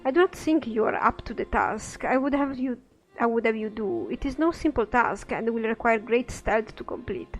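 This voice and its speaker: A woman's voice: on the high side, lively intonation, moderate pace, soft background music, natural voice. Gildor, a woman reading an aloof elf. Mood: dismissive. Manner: read aloud plainly.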